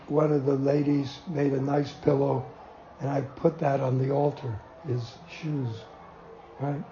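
An older man tells a story to a small group, acting out quotes and chuckling along. His voice is soft and mellow and he takes his time. The recording is dull and lo-fi, in an echoey room. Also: fairly high pitch, slight background noise. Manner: slow, animated storyteller who acts out quotes and chuckles. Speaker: devotee telling memories.

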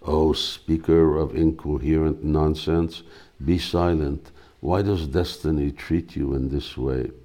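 A man's voice: deep voice, a little slow, vocal fry, dark tone, full character voice. A man reading a stern old female ascetic.

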